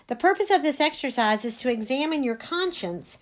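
Strict older nun, formal and hushed, read by a woman. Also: lively intonation, a little fast. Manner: low, quiet and formal.

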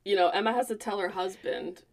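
A woman's voice: medium pitch, a little fast, creaky. A woman co-hosting a casual podcast, chattily recapping a movie plot and laughing often. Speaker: podcast co-host.

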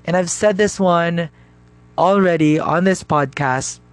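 A man with a Cebuano accent talks straight to his podcast listeners in a loose, casual monologue. His voice sits a little high for a man, and he slips Cebuano phrases into his English. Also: a little slow, smooth. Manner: chatty, mixing Cebuano into English, addresses listeners directly. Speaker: podcast host.

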